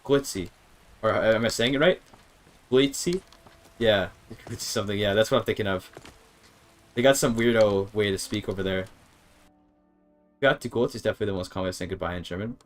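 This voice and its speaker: A man streaming gameplay in casual chatter, thinking aloud, sounding out words haltingly and swearing now and then. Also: fairly low pitch, soft background music.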